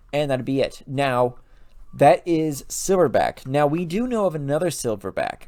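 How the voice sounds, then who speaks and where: A man hosts a lore channel and retells a monster story in a loose, casual way. He speaks at a mid pitch with fillers and quick restarts. The recording is dry and close, with no room echo. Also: a little mellow.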